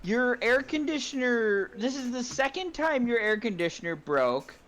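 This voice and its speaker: A man's voice: very high-pitched, sing-song, moderate pace, fairly bright tone. Blunt man in casual podcast chat.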